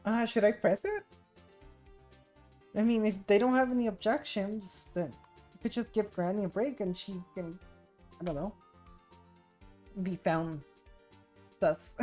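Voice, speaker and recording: A woman's voice: mid-range voice, a little slow, pauses often, darkish tone, soft background music. A young woman streaming a game, chatting and joking about what happens. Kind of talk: casual game commentary.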